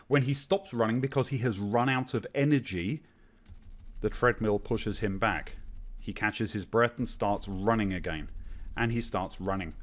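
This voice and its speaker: Male webinar presenter, lowish voice, patient and repetitive teaching delivery, computer mic. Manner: patient, repetitive explaining with analogies and rhetorical questions. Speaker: webinar presenter, market analyst. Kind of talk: live webinar teaching chart analysis.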